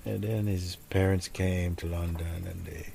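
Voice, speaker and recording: A man, a spiritual teacher, telling a story to listeners in a reflective, soft-spoken way that often sinks almost to a whisper. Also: low voice, steady tone, measured pace, creaky, a little hiss or hum.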